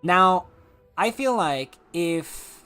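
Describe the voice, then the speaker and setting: A man with a South African accent talks through his opinions in a loose, casual streamer chat, often restarting and leaning on filler words. His voice sits a little on the high side for a man, and quiet music plays faintly behind him. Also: expressive, very slow, clear, resonant tone.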